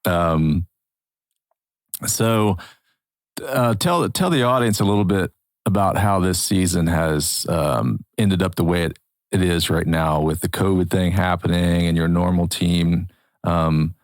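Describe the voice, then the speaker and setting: A man's voice: low voice, measured pace, no room sound. A middle-aged man hosting a podcast, chatting casually and joking often with his guest. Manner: jokey, laughs often. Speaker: podcast host. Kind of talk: casual chat.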